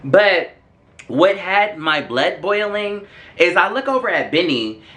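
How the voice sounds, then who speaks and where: A young man telling a story in an animated, sassy way while doing his makeup for a get-ready-with-me video. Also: high-pitched, slow pace. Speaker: vlogger. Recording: echoey room.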